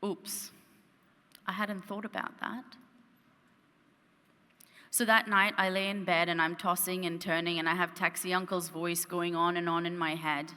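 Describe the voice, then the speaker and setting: Bright-voiced woman giving a keynote. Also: lowish voice, measured pace, pauses often, clear, resonant tone. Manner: animated storyteller, engaging the audience with questions. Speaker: keynote speaker. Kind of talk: keynote storytelling. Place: conference stage. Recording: long reverb in a conference hall.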